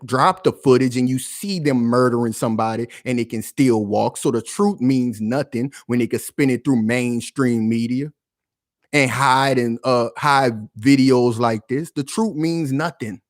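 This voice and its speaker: Male vlog host, heated and confrontational, talks loud, dry close recording. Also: medium pitch, measured pace, no echo. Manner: rhetorical questions, slangy. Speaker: commentary channel host. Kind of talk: heated commentary.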